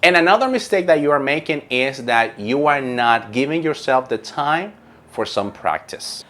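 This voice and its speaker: A man's voice: medium pitch, lively intonation, normal speed, a bit bright. Emphatic call center trainer guy, voice swoops up and down a lot, coaching tone. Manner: emphatic, repeats key words. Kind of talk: online coaching lesson.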